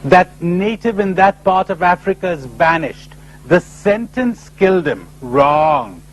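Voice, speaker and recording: A man giving a lively spiritual conference talk, full of rhetorical questions and acted-out voices, on an old tape recording. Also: high voice, measured pace, poor audio. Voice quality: animated, rhetorical, acting out imagined voices. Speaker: speaker at a spiritual retreat conference.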